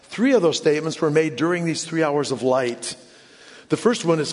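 A man preaching a sermon in an earnest way, often dropping to hushed low tones for emphasis. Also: animated, normal speed. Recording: long hall reverb.

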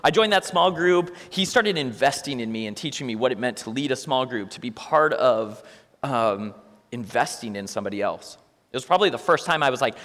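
A man's voice: medium pitch, expressive, fairly quick, a bit bright, in a large hall. A young man telling a church audience his own story in a talk, acting out both sides of conversations with dry humor. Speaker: speaker sharing a testimony.

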